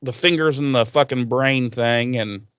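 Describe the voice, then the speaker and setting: A man's voice: medium pitch, measured pace, clean tone, no room sound. A man co-hosting a podcast, recapping a TV episode in casual, profane chat and acting out the characters' lines. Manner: animated, swears a lot, acts out characters' lines.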